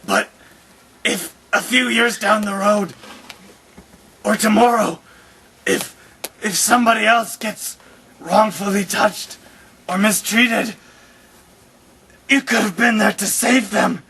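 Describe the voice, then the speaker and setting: Slow, earnest man with gravelly high voice. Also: bright, forceful tone. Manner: slow, earnest pep talk. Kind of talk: improvised comedy web series.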